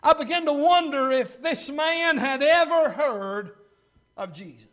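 A man preaching a sermon fervently, surging louder between drawn-out 'uh' pauses and then dropping low. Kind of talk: revival-style sermon.

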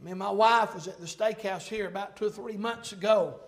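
A middle-aged man preaching a sermon, telling folksy stories and building to fervent, shouted points. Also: high-pitched, a little fast. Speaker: pastor.

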